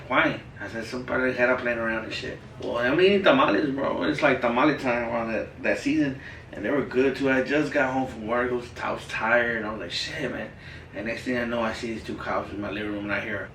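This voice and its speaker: A man's voice: medium pitch, brisk, fairly bright tone, roomy sound, distant mic, a little hiss or hum, rough recording. A father telling family stories in casual chat, joking and boastful.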